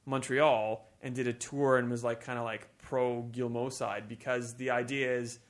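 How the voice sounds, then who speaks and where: A man's voice: mid-range voice, little pitch movement, moderate pace. A man from Canada, co-hosting a casual gaming chat and explaining things at length with many restarts. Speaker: podcast co-host. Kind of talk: casual chat about video games.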